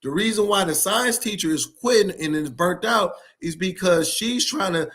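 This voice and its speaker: A man's voice: sits high, normal speed, a bit bright. A man giving an emphatic talk on school leadership, repeating his key points for stress. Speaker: education speaker. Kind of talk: passionate solo talk to camera.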